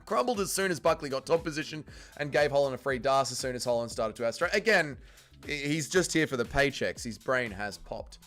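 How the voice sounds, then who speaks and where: A man's voice: medium pitch, lively intonation, a little fast, a bit bright, soft background music. A man hosting a casual watch-along livestream, reading chat aloud and joking crudely, swearing freely. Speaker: livestream host.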